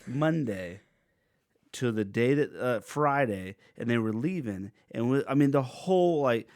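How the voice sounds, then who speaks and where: A goofy young man hosting a podcast, spinning animated stories in a casual back-and-forth. His voice sits at a middle pitch and sounds dry and close, with no room around it. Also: unhurried, dry recording. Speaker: podcast host.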